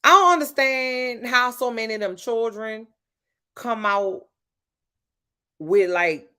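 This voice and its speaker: A New Orleans woman with grown-up sons hosts a livestream, chatting casually with viewers in her New Orleans accent. Blunt and talkative, she calls people "child" and "baby." Her fairly high voice is clear, resonant, and sharp-toned, and she takes it slowly.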